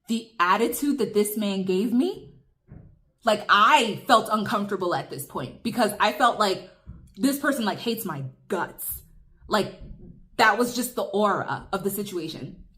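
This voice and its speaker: A woman's voice: mid-range voice, expressive, normal speed, bright, forceful tone. A young woman telling viewers an emphatic, chatty story over a meal in a casual vlog. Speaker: vlogger. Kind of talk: casual storytime while eating.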